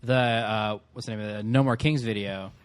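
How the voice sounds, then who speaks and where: A man hosting a podcast, asking casual, relaxed interview questions. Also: on the low side, a little fast, clean tone. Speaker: podcast host.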